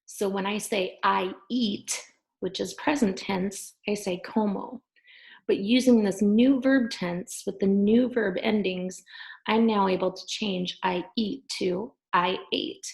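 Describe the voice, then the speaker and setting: Gravelly-voiced woman teaching a lesson. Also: mid-range voice, fairly even intonation, rough recording. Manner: patient, repeats verb endings slowly. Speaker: Spanish teacher. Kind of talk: recorded class lesson.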